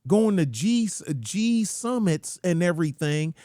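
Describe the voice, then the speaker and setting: A man talks slowly and loosely, wandering off track with slang and asides. His voice sits a touch high for a man and is recorded close and dry, with no room around it. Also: animated, mellow, no room sound. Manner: folksy, rambling, slangy. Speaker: channel host. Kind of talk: casual rant commentary.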